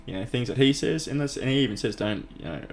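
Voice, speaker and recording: An Australian man in relaxed conversation as a podcast guest, laid-back and quick to laugh. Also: mid-range voice, gravelly, slight background noise. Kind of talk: casual conversation.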